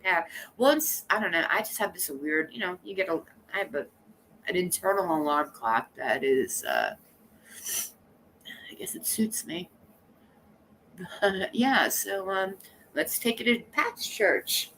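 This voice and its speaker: A woman hosting a casual livestream, chatting in a rambling, blunt and animated way and greeting viewers by name. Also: on the low side, a little slow, pauses often, a little hiss or hum. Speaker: livestream host.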